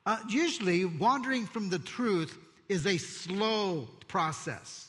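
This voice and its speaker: A man preaching a sermon as pastor, expressive and conversational, telling stories with asides. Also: high voice, slow pace. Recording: long hall reverb.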